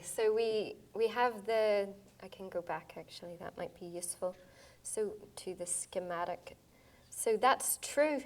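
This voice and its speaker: A woman's voice: mid-range voice, a little mellow. A woman scientist who is losing her voice, explaining step by step as she answers audience questions after a public lecture. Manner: explains step by step, with quick asides.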